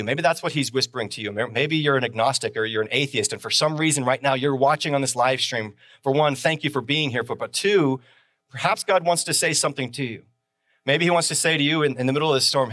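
A man's voice: mid-range voice, fast, fairly bright tone, dry recording, studio quality. A man preaching a sermon as pastor on a live stream, talking conversationally and driving points home with repeated phrases and rhetorical questions.

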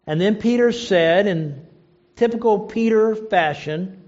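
High-voiced, slow-speaking male preacher. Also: darkish tone. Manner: emphatic, rhetorical questions. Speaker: pastor. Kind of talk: sermon. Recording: dull lo-fi recording.

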